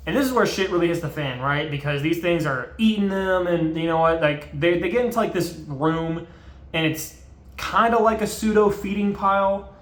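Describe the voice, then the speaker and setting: A man's voice: fairly high pitch, normal speed. Rambling, swearing man in an echoey room. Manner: rambling, profane, full of fillers. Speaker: video host. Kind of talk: casual movie recap.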